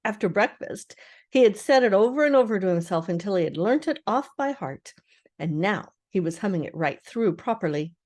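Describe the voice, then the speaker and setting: An older woman, a grandmother, reading a children's storybook aloud in a gentle, expressive way. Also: mid-range voice, moderate pace.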